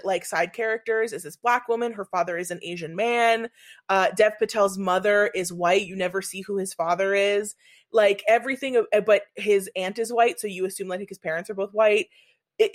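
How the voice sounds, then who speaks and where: Enthusiastic rambling woman reviewing films. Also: medium pitch. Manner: enthusiastic, rambling, swears casually. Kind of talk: casual chat.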